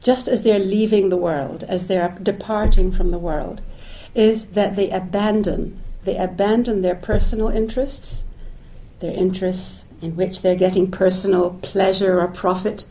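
This woman's medium-pitched, warm voice moves at a moderate pace with little rise or fall in pitch. Lecturing publicly in a lecture hall, she searches for her ideas in a thoughtful way, with frequent restarts, asides, and Hebrew phrases mixed in.

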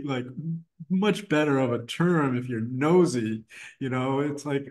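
A man's voice: medium pitch, moderate pace. A middle-aged man speaking as a guest in a casual interview, rambling with many restarts and fillers. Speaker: guest, designer and art professor. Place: his art gallery.

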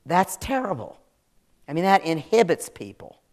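A woman's voice: on the low side, sing-song, moderate pace, a little mellow. A woman from Maryland with a Southern American accent, answering audience questions at a live author event in a chatty, frank way. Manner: chatty, frank, laughs easily. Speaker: author interviewee. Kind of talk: public Q&A answers.

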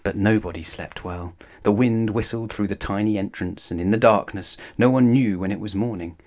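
A man reading a children's bedtime story aloud in a calm, measured way. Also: lowish voice, a little hiss or hum.

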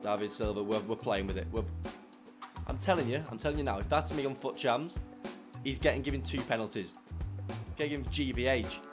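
A young man commentating his own football video game, swinging from muttered grumbles to shouted celebration. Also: medium pitch, fairly quick, long pauses, music in the background. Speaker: gaming YouTuber. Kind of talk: live gameplay commentary.

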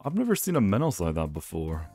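Excitable young guy narrating his game, kinda low voice, laughs a lot, light music under it. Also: fast talker, husky. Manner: excitable, laughs often, talks to himself. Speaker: gaming YouTuber. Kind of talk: gameplay commentary.

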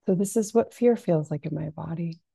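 A woman practitioner leading a gentle guided self-soothing lesson, speaking softly and calmly with frequent fillers. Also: lowish voice, creaky, husky, dry recording. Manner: soft, unhurried, calming delivery with frequent fillers. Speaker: compassionate inquiry practitioner.

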